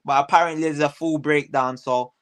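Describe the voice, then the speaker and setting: A man's voice: a little high, fairly even intonation, fairly quick, clean tone. A man hosting a casual commentary show, ranting heatedly and repeating himself, full of slang. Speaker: host.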